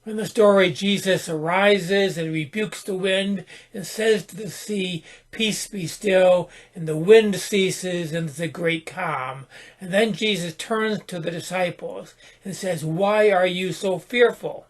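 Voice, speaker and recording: Slow, high-voiced man giving a calm sermon. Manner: calm, unhurried, contemplative, with small restarts. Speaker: podcast host and spiritual teacher. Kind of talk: reflective spoken sermon.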